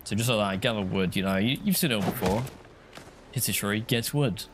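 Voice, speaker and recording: A man's voice: lowish voice, brisk, noisy background. A man chatting casually while he streams a game, rambling and answering viewers' comments. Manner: chatty, rambling, reads chat aloud.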